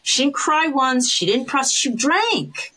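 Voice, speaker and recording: A woman co-hosting a podcast, talking earnestly and encouragingly in casual chat, with quick laughs and the odd swear word. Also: high voice, big pitch swings, pushed and bright, low-quality recording. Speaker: podcast co-host, recovery sponsor.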